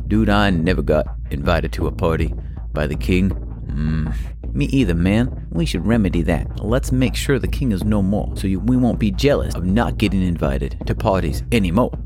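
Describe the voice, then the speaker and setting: A man's voice: deep voice, animated, moderate pace, background noise. A man doing slangy scheming palace guards. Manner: casual, slangy plotting.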